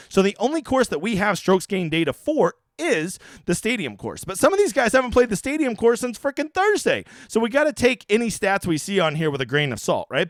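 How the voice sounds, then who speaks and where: Fast-talking, profane man, dry close mic. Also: high voice, no echo. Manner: fast, loose and profane, with quick asides. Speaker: fantasy golf strategy host. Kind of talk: casual screen-share breakdown.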